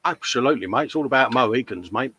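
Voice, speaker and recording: A man's voice: mid-range voice, animated, fast talker, sharp tone, breathy edge. A man hosting a live modelling show, chatting casually, reading out viewer comments and calling everyone mate. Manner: chatty, matey, laughs often.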